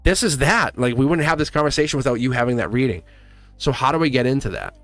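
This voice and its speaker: A man of middle pitch talks loosely to viewers during a live tarot reading. He rambles and laughs often, and faint music plays behind him. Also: animated, fast, a bit bright, dry recording. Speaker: tarot reader hosting a live stream. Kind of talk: casual live-stream chat.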